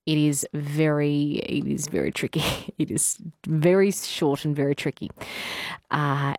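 A woman's voice: low-pitched, a little mellow, no echo, clean studio sound. A woman with an Australian accent hosting a radio show, chatty and emphatic, laughing easily. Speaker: radio host. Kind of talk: casual radio chat.

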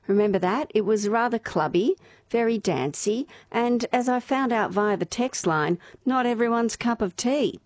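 A woman's voice: medium pitch, a little mellow, dry recording, studio quality. A woman with an Australian accent hosting a morning radio show, chatting casually, laughing easily and reading out listener texts. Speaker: radio host. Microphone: studio microphone.

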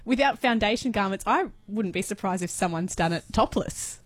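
A woman's voice: mid-range voice, expressive, moderate pace. A woman hosting a radio talk show, interviewing guests and taking callers in a friendly, upbeat way. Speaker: radio host.

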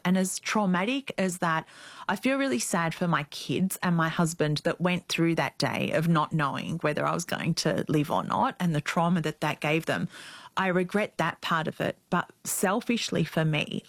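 A woman in her forties shares a deeply personal story as an interview guest. Her voice sits on the low side, and it is recorded close and dry with no room sound. She sounds earnest and reflective, and her pitch lifts when she repeats what she told herself. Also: no echo.

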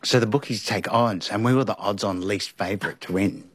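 A man with a lowish, easygoing voice recounts stories to a host, lively and amused. The sound is close and dry, like a studio booth. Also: brisk, husky, no echo. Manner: animated anecdotes with laughs and acted-out quotes. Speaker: guest. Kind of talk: casual storytelling.

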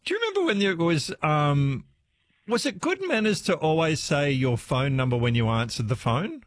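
A man hosting a phone-in radio show, chatty and quick to laugh. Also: fairly high pitch. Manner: lively, chatty, laughs easily. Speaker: radio talkback host. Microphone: studio microphone.

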